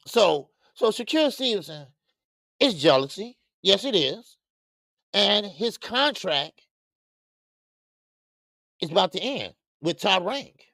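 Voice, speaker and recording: A man's voice: high-pitched, creaky, fairly bright tone, dry recording, clean studio sound. A man hosting a casual boxing talk livestream, slangy and rambling, greeting chat viewers by name and stumbling into stammered restarts. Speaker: boxing show host. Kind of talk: casual live-stream talk.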